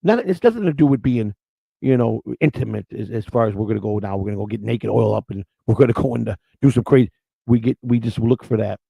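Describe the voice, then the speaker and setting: A man's voice: medium pitch, expressive, quick pace, gravelly, dark tone, husky, no echo, rough recording. A man hosting a live-stream morning show, rambling in unscripted chat, blunt and crude, restarting his words again and again.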